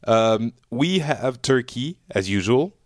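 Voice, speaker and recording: A man hosts a casual chat over a remote call. He chats along with plenty of fillers, restarts and self-mocking asides, in a middle-pitched voice. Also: lively intonation, slow, no echo. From France. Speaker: podcast host.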